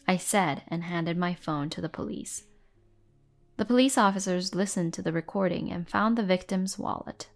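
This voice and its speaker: A woman narrating a first-person drama story in an even, measured way over faint music. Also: on the low side.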